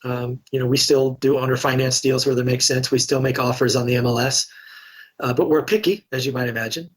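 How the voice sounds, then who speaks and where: A man's voice: mid-range voice, steady tone, brisk, slightly rough. A middle-aged man, a real estate investor telling his story candidly in a casual podcast interview. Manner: candid, conversational, many restarts.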